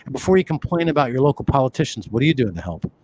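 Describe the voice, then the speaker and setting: A man's voice: medium pitch, racing, a little hiss or hum. Rambling man talking on a podcast. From New York City area. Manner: animated, rambling, many fillers and restarts. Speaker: podcast co-host. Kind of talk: conversational podcast talk.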